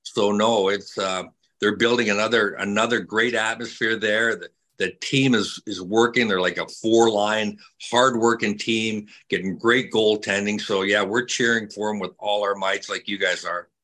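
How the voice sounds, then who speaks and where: Older man, retired athlete, bright forceful tone, rambling friendly talk. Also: on the low side, fairly even intonation, moderate pace, rough recording. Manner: warm storyteller, repeats words, many fillers. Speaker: retired hockey player, guest. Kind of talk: casual chat with fans.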